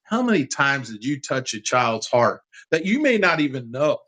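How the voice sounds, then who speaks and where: A man in his fifties, a guest on a sports interview, telling a heartfelt childhood story in an animated, casual way. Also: mid-range voice, normal speed, low-quality recording.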